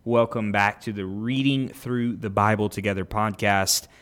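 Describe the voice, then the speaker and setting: A man reads scripture aloud on his podcast in a fairly low voice. Every so often he breaks off to comment in a relaxed, self-correcting way before picking the reading back up. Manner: casual, self-correcting, reads aloud then pauses to explain. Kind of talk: unscripted Bible reading with commentary.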